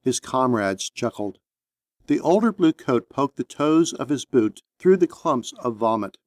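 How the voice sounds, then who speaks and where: A man narrating an action story in a steady, measured audiobook reading. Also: mid-range voice, no room sound, studio quality.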